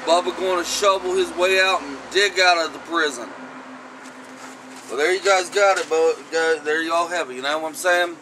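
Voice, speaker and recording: A man's voice: fairly high pitch, normal speed, sharp tone, slight background noise, rough recording. A man hosting a comic vlog skit, rambling and acting out phone calls. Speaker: comedy vlog host.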